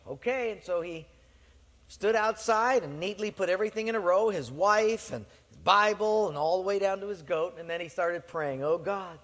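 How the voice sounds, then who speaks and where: High-voiced preacher in an echoing hall. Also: male voice, moderate pace. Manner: animated storytelling, acting out voices. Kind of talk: sermon. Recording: long hall reverb.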